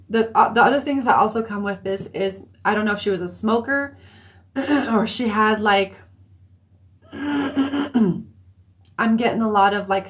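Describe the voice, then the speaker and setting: A woman leads a psychic reading on a live stream, speaking in a mid-range voice. She thinks aloud, breaks off and restarts her sentences, and keeps clearing her throat between phrases. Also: medium pitch. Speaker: psychic reader. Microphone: phone or computer mic on a live stream.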